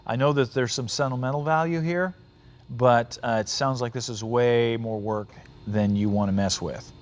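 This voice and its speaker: A man hosting a podcast in a casual monologue, often laughing and mocking quotes in a deep announcer voice. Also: fairly even intonation, moderate pace. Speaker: podcast host.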